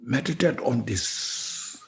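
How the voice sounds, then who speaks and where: This Dharma talk comes from a male Buddhist teacher whose mid-range voice has a gravelly creak. He moves slowly and deliberately, animated but reflective, regularly tagging ideas with "you know" and "you see."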